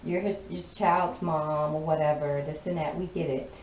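A woman gives a spoken channeling tarot reading. She sounds sassy and drawling and laughs often. Her voice sits a little low, and it comes from some distance off the mic in an echoey, noisy room. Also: steady tone, moderate pace, a little mellow. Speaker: tarot reader.

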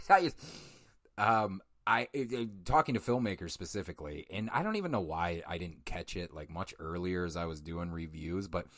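Deep-voiced man rambling through a film review. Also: animated, normal speed, a bit bright, no room sound, studio quality. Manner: self-deprecating, profane, chuckling asides. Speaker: podcast host reviewing a film. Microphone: studio microphone.

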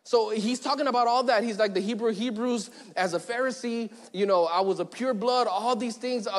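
A man preaching as pastor, chatty and joking, who slows down and goes quiet to stress a point. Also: high voice. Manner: conversational, joking, acts out little scenes; slows down and drops quiet for emphasis. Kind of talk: sermon. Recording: long church hall reverb.

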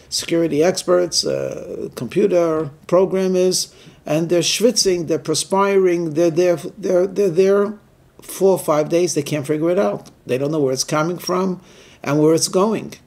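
A man, a rabbi, telling a story as a weekly sermon and briefly voicing the people in it. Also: fairly high pitch. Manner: animated storyteller who voices the people in his stories.

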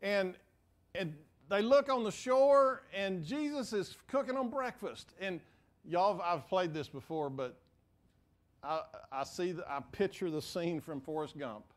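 A male pastor preaching a sermon in a church, telling a story in a lively way with frequent repeated words. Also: high-pitched, measured pace. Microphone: mic for preaching.

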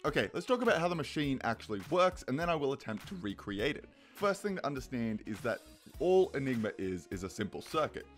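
A man's voice: mid-range voice, big pitch swings, fairly quick, faint music behind. A young man giving a comedic explainer, rambling and poking fun at himself. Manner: joking, rambling, self-deprecating asides. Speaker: YouTube creator explaining a project.

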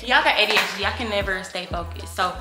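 A woman's voice: medium pitch, fast, music in the background. A young woman, chatting casually and rambling straight to her viewers in a vlog. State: out of breath. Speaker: vlogger.

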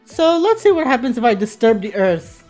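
A woman playing a video game, giving casual commentary in an excitable way, swearing freely. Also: a little high, moderate pace, faint music behind. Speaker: let's play gamer.

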